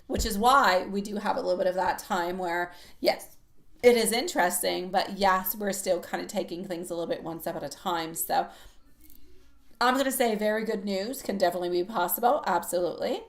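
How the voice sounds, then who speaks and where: A woman hosts a live tarot stream, talking viewers through their questions. Her tone is gentle and reassuring, and she takes things one step at a time. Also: mid-range voice. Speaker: tarot reader.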